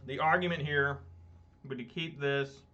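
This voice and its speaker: A man's voice: mid-range voice, steady tone, measured pace, bright, forceful tone. A married man streaming a card game, rambling and self-deprecating in casual gameplay commentary. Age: adult, married. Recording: dull lo-fi mic.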